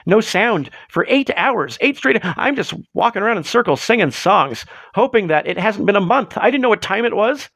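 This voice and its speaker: A man hosting a live show in casual chat, rambling and excitable as he tells stories, swearing freely, on a close mic. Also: high voice, no echo. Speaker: livestream host.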